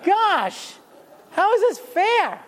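A man's voice: very high voice, lively intonation, a little fast, darkish tone. A man voicing an indignant male snake who complains in an aggrieved, whiny way, in a lecture. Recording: long hall reverb.

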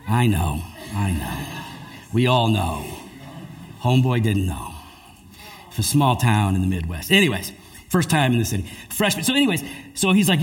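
A man preaching a sermon, telling a story with lively delivery and acting out the people in it. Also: mid-range voice, moderate pace. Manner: animated storyteller, acts out voices. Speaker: pastor.

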